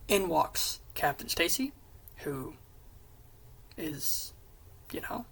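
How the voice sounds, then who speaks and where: A woman casually retelling an episode pitch, rambling with quick asides and swearing, in a whispery, gravelly voice. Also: big pitch swings, a bit bright, poor audio. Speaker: fan pitch presenter.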